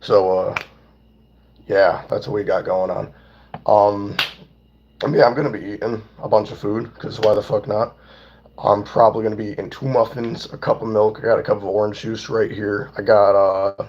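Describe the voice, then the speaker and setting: A young man with a fairly low voice that is hoarse and nearly gone chats casually on his livestream. He swears freely and greets viewers by name. The stream audio sounds dull and lo-fi. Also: little pitch movement, moderate pace, a little hiss or hum. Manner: loose, profane, greets chat by name.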